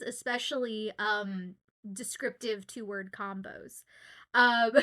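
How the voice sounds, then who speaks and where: A woman from Southwest Louisiana chatting casually on a livestream while signing autographs, giggling often and filling pauses with "um" and "uh.". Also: on the high side, pushed and bright. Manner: chatty and giggly, with many fillers. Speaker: voice actor signing autographs on stream.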